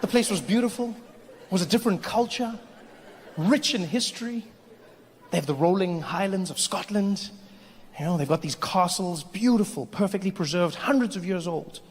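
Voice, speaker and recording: A man performing a stand-up comedy routine on stage, an animated storyteller who leaps into character voices. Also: high voice, moderate pace. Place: comedy stage before a live audience. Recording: echoey venue with faint noise.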